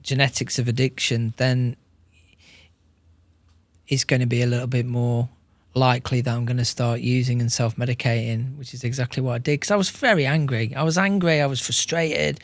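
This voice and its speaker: A man, a podcast guest speaking in a measured, reflective way. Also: mid-range voice, fairly even intonation, no room sound. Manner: measured and reflective, with some restarts. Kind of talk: reflective interview talk.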